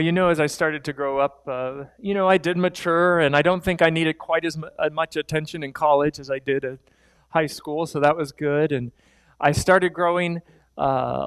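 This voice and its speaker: A middle-aged man preaching in a church, his voice sitting a little high for a man. He tells stories about himself with candid, self-deprecating humor. The sound is dry and close, with no room echo. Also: clear, resonant tone. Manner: candid, self-deprecating storytelling with quick laughs. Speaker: pastor. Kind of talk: sermon with personal storytelling. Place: church sanctuary.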